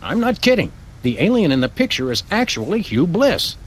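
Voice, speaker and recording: A dry cartoon dog detective, deadpan yet swinging widely in pitch. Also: male voice, normal speed, husky. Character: deadpan canine detective, middle-aged. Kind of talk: video game voice acting.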